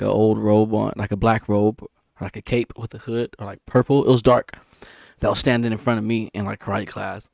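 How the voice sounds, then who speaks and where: A man casually telling a story about a dream, animated and repetitive, punctuating it with sound effects. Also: gravelly, dry recording, clean studio sound. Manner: animated, repeats himself, sound effects like boom. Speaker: vlogger.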